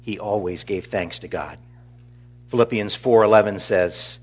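Middle-aged male pastor, low voice, earnest eulogy delivery. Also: slightly rough. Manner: earnest, measured, warmly storytelling. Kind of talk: funeral eulogy.

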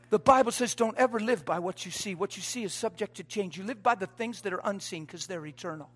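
A man preaching a sermon to a congregation, swinging from quiet asides to loud emphatic points, folksy and joking. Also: high voice, animated, fairly quick, few pauses, breathy edge. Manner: folksy, joking, quotes everyday sayings.

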